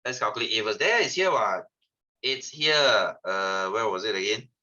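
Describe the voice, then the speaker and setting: A man with a Malaysian English accent teaching a science class, teasing and lively, dropping lah and ah between questions. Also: fairly low pitch, moderate pace, lo-fi sound. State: tired, yawning. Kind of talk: online class lesson.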